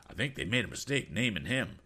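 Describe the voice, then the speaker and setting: Casting: a high, excitable old gent who blusters and exclaims, voiced by a male reader for a storybook. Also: fast, husky, full character voice. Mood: blustering. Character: excitable eccentric older gentleman.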